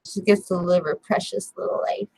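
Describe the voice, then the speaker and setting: A woman's voice: lowish voice, steady tone, moderate pace, creaky, darkish tone, breathy edge, no room sound, low-quality recording. A woman streamer chatting on a voice call, swearing freely and cooing baby talk at her cat. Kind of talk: casual chat on voice call.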